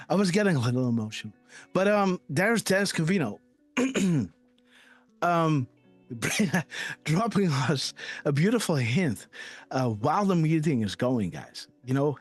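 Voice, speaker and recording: Animated man hosting a live stream. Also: a little high. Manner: emphatic, repeats "right?" and "you know"; emotional, trailing off softly at ends. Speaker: live show host. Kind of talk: casual commentary reading posts aloud.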